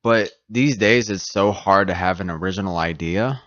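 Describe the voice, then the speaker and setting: A man chatting as a podcast guest in a relaxed, joking way. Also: low voice, normal speed, no echo, muffled recording. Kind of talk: casual chat. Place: podcast studio.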